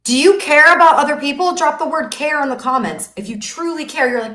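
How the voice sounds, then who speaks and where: This is a faith-driven motivational webinar in which a woman coach hosts a business masterclass. She speaks a little fast in a high, fairly bright voice with few pauses, preaching emphatically and repeating lines for effect against a roomy echo.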